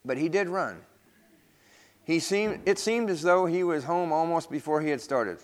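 Man, a bit high, gentle storyteller for kids. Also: lively intonation, normal speed, long reverb tail. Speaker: children's story leader at church. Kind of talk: reading a story aloud to children.

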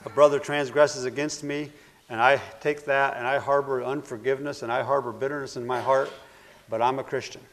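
A man preaching a sermon, earnest and repetitive, swinging between loud declarations and hushed phrases. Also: medium pitch, steady tone, a little fast.

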